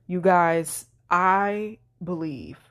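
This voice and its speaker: A woman's voice: fairly low pitch, drawn-out words, a bit bright. A woman hosting her own podcast, speaking emotionally and tearfully, laughing through her tears. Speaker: podcast host. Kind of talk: heartfelt solo podcast talk.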